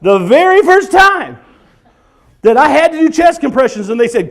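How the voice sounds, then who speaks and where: A man's voice: very high-pitched, normal speed. A man in his forties doing a comedy monologue at a church event, acting out stories with sung and screamed bits. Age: 40s. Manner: animated storyteller, breaks into singing and screaming bits.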